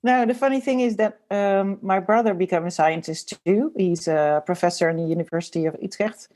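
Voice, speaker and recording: A woman from the Netherlands, a designer, speaking as a guest in a casual podcast interview. She talks thoughtfully, pausing often to search for words. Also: mid-range voice, a little mellow. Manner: thoughtful, hesitant, many ums and pauses.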